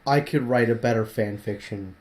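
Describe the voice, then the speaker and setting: A woman's voice: extremely low pitch, normal speed, a little mellow. A woman co-hosting a casual review chat, groaning and stammering as she talks. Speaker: co-host.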